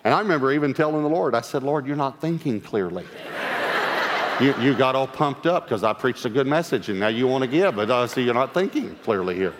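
A male pastor, telling a story from the pulpit with lively acted-out dialogue and sudden hushed asides. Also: medium pitch, fairly quick, noisy background. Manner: animated storyteller acting out dialogue; drops to a hush for quoted lines. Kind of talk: storytelling sermon. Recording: long hall reverb.

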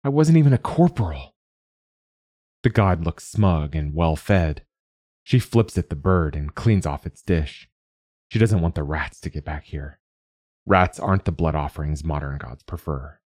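A man narrating a short story as host, calm and measured. His voice is very low. The recording is close and dry, with no room sound. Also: no echo.

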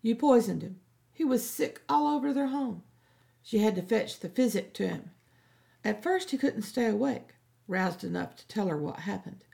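A woman's voice: medium pitch, expressive, moderate pace, gravelly, dark tone. A woman doing a curt guard captain. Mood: commanding. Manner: curt, commanding. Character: gruff male guard captain making an arrest.

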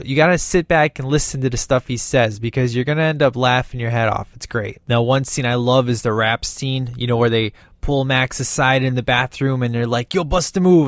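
A man giving a casual, rambling movie review, excited and acting out bits of scenes in quick voices. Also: mid-range voice, no echo, studio quality.

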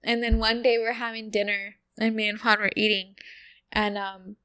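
A woman's voice: mid-range voice, little pitch movement, normal speed, pushed and bright, smooth. A young woman casually telling a personal story, chatty and full of fillers, acting out what people said. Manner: chatty, full of "like" fillers, acts out quoted lines.

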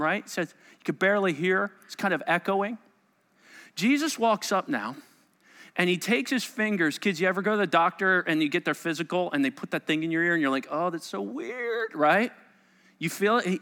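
A male pastor preaching a sermon to a congregation, telling the story dramatically and dropping into quiet asides. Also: high voice, long reverb tail. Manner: animated, dramatic storytelling with sudden soft asides. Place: church sanctuary.

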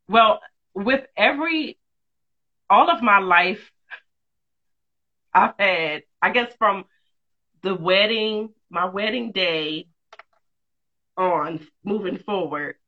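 A woman, a mother of two, telling a personal story in a candid, lively, casual way with quick asides. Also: medium pitch, muffled recording. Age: adult, mother of two.

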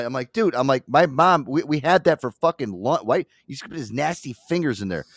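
A man hosting a casual podcast, telling profane stories and acting out his friends' lines in quick voices. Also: on the high side, no echo, clean studio sound. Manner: profane animated storytelling, acts out friends' lines. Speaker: podcast host.

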